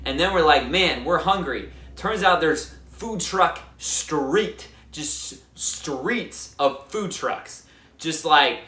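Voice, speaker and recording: A young man hosting a board game channel, telling a lively casual recap full of fillers and acted-out quotes. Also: a little high. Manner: animated, lots of fillers, acts out quotes. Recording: echoey room.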